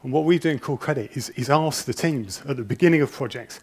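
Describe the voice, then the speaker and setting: A man's voice: mid-range voice, fast talker, few pauses, a little mellow, husky. A nervous man giving a conference talk on stage into a handheld microphone, telling stories in a chatty, self-deprecating way with frequent restarts. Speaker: conference speaker. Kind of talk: conference presentation, anecdotal storytelling.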